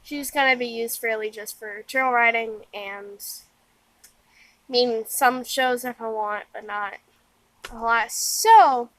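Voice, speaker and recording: A tired young woman vlogs outdoors in the wind, rambling casually with lots of fillers and restarts. Her voice is fairly high and fairly bright, steady in tone, and she takes her time. The recording is rough but has no echo.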